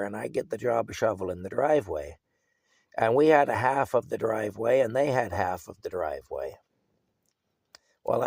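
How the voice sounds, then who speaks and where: A man's voice: lowish voice, creaky, darkish tone, no room sound, clean studio sound. An older man telling a rambling childhood story in a casual vlog, chuckling often and leaning on fillers like "you know". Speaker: vlogger.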